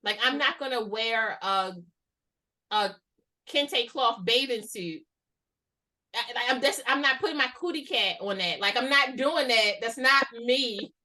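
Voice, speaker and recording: A woman hosting a casual conversation, animated and chatty, laughing easily. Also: a little high, measured pace, far from the mic. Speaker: host.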